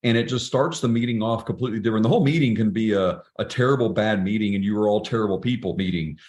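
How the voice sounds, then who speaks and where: A middle-aged man speaks fast in a low, darkish voice. Appearing as a podcast guest in a casual interview conversation, he reflects earnestly on personal stories, often breaking off and restarting.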